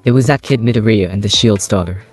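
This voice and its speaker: A man's voice: fairly low pitch, quick pace, faint music behind, close to an everyday voice. A man voicing a young vampire hero who mimics a female mercenary, giving a matter-of-fact report.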